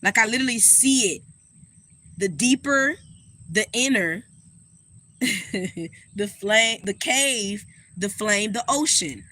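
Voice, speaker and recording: Sassy, bright-voiced woman astrologer. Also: medium pitch, takes it slowly, long pauses. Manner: sassy, animated, swears freely, talks straight to viewers. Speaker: astrologer and spiritual reader. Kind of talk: casual astrology reading.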